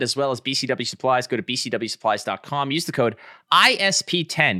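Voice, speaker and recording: A man's voice: mid-range voice, sharp tone. A man hosting a podcast, chatting casually in a playful, jokey way. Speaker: podcast host.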